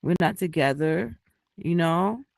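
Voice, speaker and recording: A man's voice: fairly high pitch, lively intonation, slow pace, creaky, dry recording. A man in a casual group discussion, starting hesitantly with stammers.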